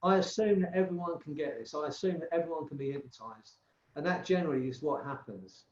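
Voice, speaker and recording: A man's voice: fairly high pitch, quick pace. A middle-aged man, a hypnotherapist guest talking casually in a rambling, restarting way. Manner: warm rambling storyteller with many restarts. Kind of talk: casual interview chat. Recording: echoey, dull remote call audio.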